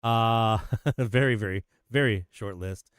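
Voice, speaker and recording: A man hosting a live radio hobby show, chatting casually and enthusiastically as he reads out listener shoutouts. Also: on the low side, takes it slowly, smooth, no echo, clean studio sound. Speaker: host of a radio hobby livestream.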